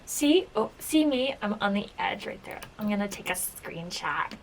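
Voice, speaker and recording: Woman vlogger, mid-pitch, chatty storyteller, casual reaction video, light background hiss. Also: very animated, normal speed, creaky. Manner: chatty storytelling, lots of filler "like". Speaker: former game show contestant.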